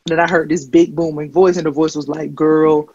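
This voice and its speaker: A woman comedian doing a stand-up set, deadpan and rambling with filler ums. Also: low-pitched, fast talker, slightly rough, no room sound, highs cut off. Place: comedy stage.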